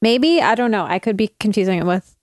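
A woman's voice: medium pitch, lively intonation, fast, no echo, studio quality. A woman co-hosting a podcast, chatting with jokes and rambling asides into a desk mic. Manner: joking, rambling. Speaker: podcast co-host. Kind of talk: casual podcast chat.

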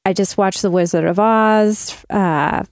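A woman's voice: mid-range voice, a little slow, a little mellow, dry recording, clean studio sound. A woman co-hosting a podcast, chatting with jokes and rambling asides into a desk mic. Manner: joking, rambling. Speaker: podcast co-host. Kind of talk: casual podcast chat.

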